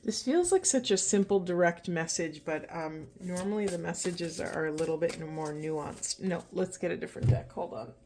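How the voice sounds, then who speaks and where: A woman giving a slow, halting spiritual card reading, emotional, with heavy breathing and a trembling voice. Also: fairly low pitch, animated, darkish tone, a little hiss or hum. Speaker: oracle card reader.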